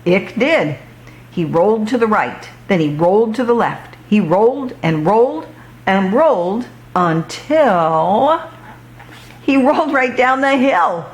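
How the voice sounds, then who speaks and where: A woman reads a children's picture book aloud in a slow, deliberate way. Her storytelling is expressive, and her pitch sits in a middle range.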